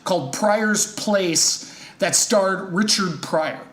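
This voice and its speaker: A man's voice: sits high, slow, a bit bright, reverberant. A man hosting a comedy podcast in a loose, hesitant, joking way. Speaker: podcast host. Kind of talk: casual chat.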